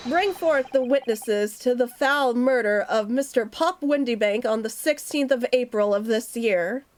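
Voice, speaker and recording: A stern male judge who speaks formally and commandingly, as a woman reads him out. The voice is high and measured in pace. Faint music sits in the background. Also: natural voice.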